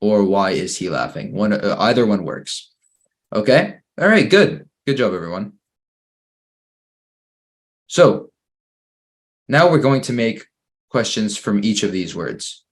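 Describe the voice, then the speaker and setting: A patient man leads an English grammar lesson for children over a computer microphone, his voice sitting fairly low. He reads each exercise out slowly and encourages every answer. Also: big pitch swings. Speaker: English teacher.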